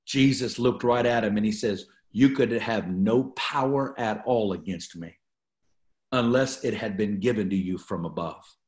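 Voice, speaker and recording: A fairly low, slightly mellow male voice moves at an unhurried pace through a teaching sermon in an echoey room. He reads scripture to his Bible study and preaches on it, using repetition to stress his points.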